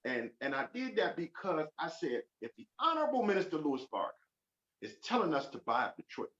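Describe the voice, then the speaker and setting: A man's voice: very animated, fairly quick. Fervent man giving a testimony. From Oakland. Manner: fervent, builds to loud emphatic peaks. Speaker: podcast guest. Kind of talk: testimony in a podcast interview. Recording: roomy, dull low-fi sound.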